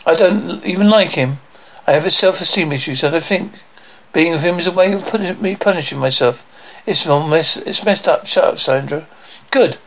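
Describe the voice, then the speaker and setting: A man's voice: high-pitched, lively intonation, moderate pace, creaky, fairly bright tone, poor audio. A man performing a one-man reading of a sitcom script, voicing every part himself and reading the stage directions aloud.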